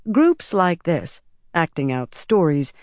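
A woman narrating a story in an audiobook, reading calmly and evenly. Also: low voice, takes it slowly, dry recording, clean studio sound. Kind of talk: scripted narration.

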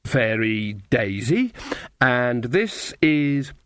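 A man's voice: mid-range voice, sing-song, drawn-out words, fairly bright tone, clean tone, no room sound, clean studio sound, exaggerated voice. A man voicing a flustered, hesitant young witch woman in an audiobook. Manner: hesitant, stammering. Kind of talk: audiobook character voice.

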